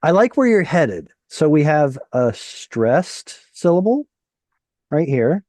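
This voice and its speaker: A man leads an online Hebrew reading lesson at an unhurried pace. His voice is mellow and dry, and he explains each point patiently, step by step, over a video call. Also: fairly high pitch, sing-song, dry recording. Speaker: Hebrew teacher. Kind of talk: online class teaching.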